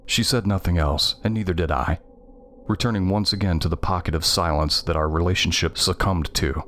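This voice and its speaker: A man reading a scripted first-person horror story in a measured, tense way. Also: sits low, fairly even intonation, a bit bright, a little hiss or hum. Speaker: narrator.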